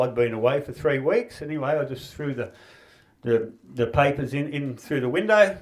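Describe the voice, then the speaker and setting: A man's voice: mid-range voice, expressive, moderate pace. A middle-aged man with an Australian accent doing a stand-up set in a backyard shed, rambling through stories and laughing at his own jokes. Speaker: stand-up comedian. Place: backyard shed gig with a small live audience.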